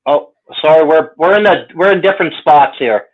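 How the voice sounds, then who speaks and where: Heated male co-host, higher-pitched, thin phone-line audio, gets worked up. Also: lively intonation, a little fast. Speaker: co-host of a live hangout show. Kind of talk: casual livestream chat.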